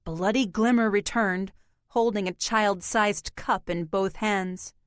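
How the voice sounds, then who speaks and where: A woman narrating an audiobook with measured, even storytelling. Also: medium pitch, smooth, no echo, studio quality.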